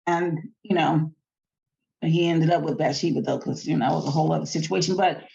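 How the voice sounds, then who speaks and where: A woman's voice: sits low, fairly even intonation, fairly quick, gravelly, dark tone, muffled recording. Chatty woman teaching a Bible study. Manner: chatty and colloquial, retelling the story in everyday terms. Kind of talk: casual Bible study teaching, reading scripture aloud.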